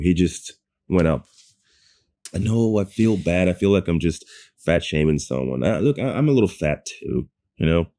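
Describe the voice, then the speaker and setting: A man giving a ranting, sarcastic movie review, animated and swearing, often stumbling and restarting mid-sentence. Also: deep voice. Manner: sarcastic, animated rant with profanity.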